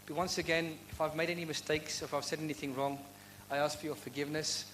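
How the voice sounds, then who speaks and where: A man's voice: fairly high pitch, level tone, quick pace, a bit bright, a little hiss or hum, rough recording. A man speaking earnestly at a university event, answering audience questions in a heartfelt devotional talk full of rhetorical questions. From United Kingdom.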